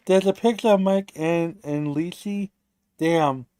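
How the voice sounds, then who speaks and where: A man's voice: fairly high pitch, a little slow, mellow, no echo. A man co-hosting a livestream in casual chat, rambling with restarts and swearing while he builds his point. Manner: rambling, restarts and profane rants. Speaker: stream co-host.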